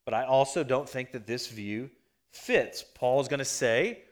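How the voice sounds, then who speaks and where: A man's voice: medium pitch, measured pace. Man preaching an explanatory sermon. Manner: explanatory teaching, frequent "all right" check-ins. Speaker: pastor. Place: church stage.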